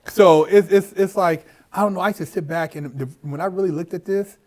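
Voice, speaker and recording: Animated, swearing podcast host. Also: male voice, sits high, a little fast. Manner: animated, swears freely, acts out quoted people. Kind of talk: casual conversation.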